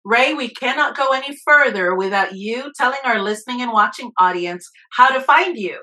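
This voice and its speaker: A woman's voice: a little high, lively intonation, normal speed, bright, forceful tone, low-quality recording. A woman host interviewing a guest and prompting her with encouraging requests. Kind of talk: interview conversation.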